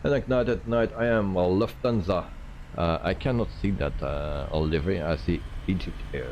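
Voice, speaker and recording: Deep-voiced man streaming a flight sim. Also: a little hiss or hum. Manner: relaxed, thinking aloud with many "uh" pauses. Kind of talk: live-stream commentary.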